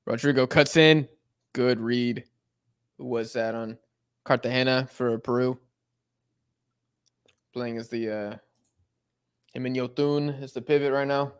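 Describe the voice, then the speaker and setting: A young man's smooth mid-range voice moves a little slowly, pausing often, on a studio-quality recording with no room sound. He's co-hosting a watch-along, calling the football action as it happens in a relaxed way and chatting between moves.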